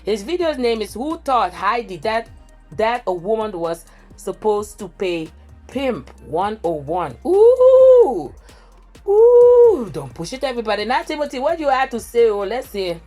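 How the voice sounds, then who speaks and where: A woman hosting a gossip reaction commentary, talking in a dramatic, theatrical way with drawn-out exclamations. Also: medium pitch, lively intonation, soft background music. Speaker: gossip reporter host.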